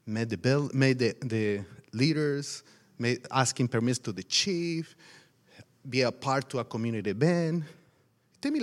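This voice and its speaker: Pastor guy telling a story, lively, laughs a lot, broken english, kinda high voice. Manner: animated, laughs often, non-native English phrasing. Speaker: pastor and missionary. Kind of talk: storytelling testimony.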